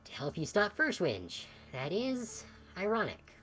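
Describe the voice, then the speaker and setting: A woman lends her voice to a sickly, gaunt old scientist in a video game, speaking in a formal, measured and stern way. The voice sits low but swings widely in pitch, with faint music underneath. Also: huge pitch swings, fairly bright tone, full character voice. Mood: grave. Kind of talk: video game dialogue read aloud.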